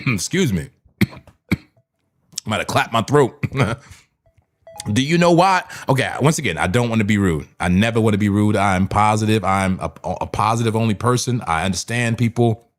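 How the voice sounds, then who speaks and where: A man's voice: on the low side, moderate pace. A man hosting a live crypto trading stream, talking through charts in a loose, chuckling way and slipping into a mock preacher's call-and-response. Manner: animated, preachy mock-sermon bursts with chuckles. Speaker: crypto trading livestream host.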